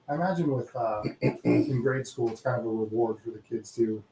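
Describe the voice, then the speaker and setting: A man's voice: medium pitch, moderate pace, mellow. A man in casual podcast chat who asks questions and cracks jokes. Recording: echoey, a bit off-mic.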